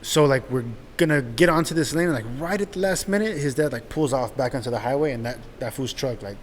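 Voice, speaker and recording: A young man telling a story in a casual, animated and profane way, laughing as he goes. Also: mid-range voice, fast. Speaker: podcast host. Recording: echoey room with faint noise.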